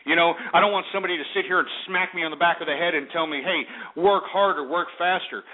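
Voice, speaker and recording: A man hosting a call-in radio talk show, ranting bluntly and crudely. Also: very fast. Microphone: internet radio call-in show. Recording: narrow phone-like low-fi audio.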